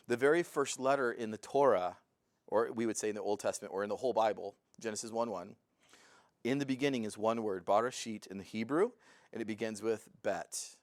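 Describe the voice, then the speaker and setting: A man teaching a verse-by-verse Bible lesson in an earnest, preacherly way that swells into excited fervor. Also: mid-range voice, fairly quick, no echo, studio quality.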